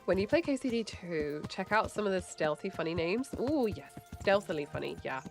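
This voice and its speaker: A woman's voice: on the low side, big pitch swings, brisk, soft background music. A woman with a light English accent, chatting casually on a livestream, laughing often and mumbling a bit. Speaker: streamer.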